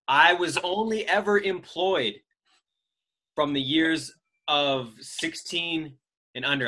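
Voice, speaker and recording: A man's voice: fairly high pitch, sharp tone. A man in his thirties co-hosting a casual podcast chat, talking in a hyped, slangy way. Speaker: podcast co-host.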